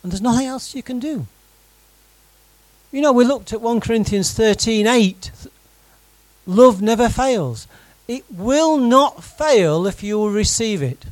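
A man preaching a sermon to his congregation in a conversational, animated way, often putting direct questions to the room. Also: high voice, no room sound, low-quality recording. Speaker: pastor.

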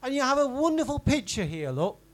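A man preaching a sermon in a church, in a conversational style that swings from emphatic to quiet and intimate. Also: extremely high pitch, very animated, fairly quick, rough recording. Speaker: pastor.

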